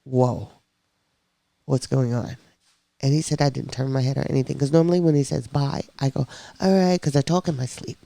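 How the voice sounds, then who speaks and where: A woman on a podcast telling her own story in a casual, lively way, acting out the voices of people she quotes. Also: very deep voice, moderate pace, gravelly, no echo.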